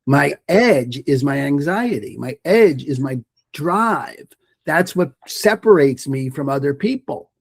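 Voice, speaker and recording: Emphatic guy talking mindfulness on a podcast, kinda high voice, dry close mic. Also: animated, takes it slowly, breathy edge, no room sound. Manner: emphatic, storytelling, repeats phrases for effect. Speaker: guest, mindfulness teacher and author. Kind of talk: podcast interview.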